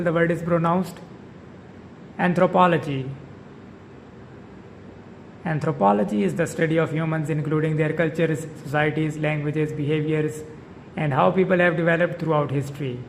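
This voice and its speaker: A man hosting a pronunciation lesson, saying each word slowly and deliberately and repeating it with care. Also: a little high, steady tone, vocal fry, in a large hall, slight background noise, poor audio. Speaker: pronunciation channel host.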